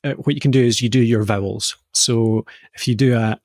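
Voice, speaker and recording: A Scottish man co-hosting a podcast, easily explaining voice warm-ups and playfully demonstrating vowel sounds. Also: mid-range voice, steady tone, brisk, dry recording. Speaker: podcast co-host explaining voice skills. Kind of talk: casual podcast chat.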